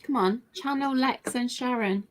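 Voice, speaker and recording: A woman's voice: fairly high pitch, normal speed. A woman in casual livestream chat, teasing and laughing.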